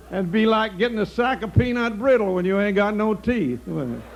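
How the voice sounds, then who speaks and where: A man's voice: sits high, animated, moderate pace, creaky, slight background noise. An older man telling a folksy stand-up comedy monologue on an outdoor stage, chuckling at his own jokes.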